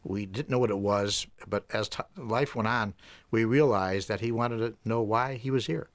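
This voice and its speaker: A man's voice: on the low side, moderate pace. A man in an interview, reminiscing in a hesitant way. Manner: hesitant, with fillers and restarts. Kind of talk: reflective interview.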